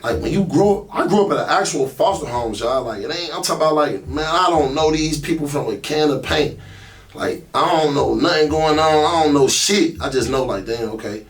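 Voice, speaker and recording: A man's voice: on the high side, fairly quick. Candid man telling a painful story. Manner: emotional, candid, heavy with fillers. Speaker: podcast host. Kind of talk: personal storytelling monologue. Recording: distant mic, faint ambient noise.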